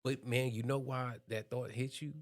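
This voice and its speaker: A young man co-hosting a podcast, talking earnestly and thoughtfully in a relaxed chat. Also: medium pitch, normal speed. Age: young adult. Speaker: podcast co-host. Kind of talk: casual conversation.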